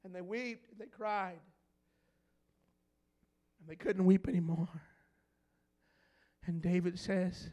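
A male pastor preaching a sermon, filling his pauses with "uh" and swinging from hushed tones to shouting. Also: high voice, fairly even intonation.

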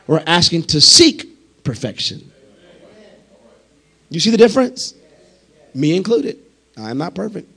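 Gravelly, high-pitched preaching man. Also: big pitch swings, unhurried, pauses often. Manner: impassioned, rising to shouts. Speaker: pastor. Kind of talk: sermon.

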